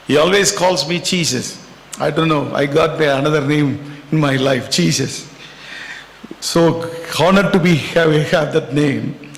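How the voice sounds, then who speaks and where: A man's voice: high-pitched, a bit bright. A man preaching a sermon, fervent and repetitive, telling personal stories. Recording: echoey hall.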